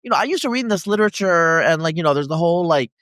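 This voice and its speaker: Male podcast host, high bright voice, rambling and filler-heavy, dry sound. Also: lively intonation, racing, no echo. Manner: rambling, many fillers and restarts. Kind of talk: conversational interview.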